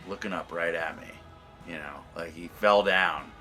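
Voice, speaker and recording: Deep-voiced man telling a story. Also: moderate pace, faint music behind. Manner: animated storytelling with laughs. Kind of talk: comic anecdote.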